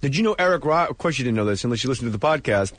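A comedian guest in a radio studio, chatting casually and telling animated stories, quoting people in voices. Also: male voice, medium pitch, very fast, no echo.

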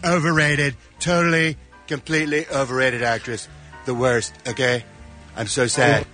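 A man's voice: mid-range voice, flat delivery, moderate pace, sharp tone, soft background music. A man reporting entertainment gossip on a radio show, with sarcastic and playful banter into a studio microphone.

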